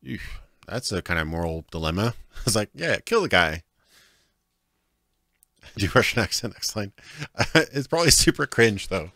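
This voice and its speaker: A male game streamer rambles through casual commentary, packing in lots of "like"s. His voice is very deep yet bright and forceful. The sound is dry and close. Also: animated, moderate pace, no echo. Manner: rambling, laughs often, many "like"s.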